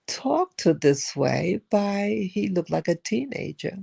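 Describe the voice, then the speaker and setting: An older speaker recounts a personal encounter in a slow, unhurried monologue. The voice is gravelly and husky with a warm, mellow tone. The speaker drifts and repeats words while searching for the thread. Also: mid-range voice, very animated. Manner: rambling, with frequent repeats and restarts. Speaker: spiritual vlogger. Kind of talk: reflective storytelling monologue.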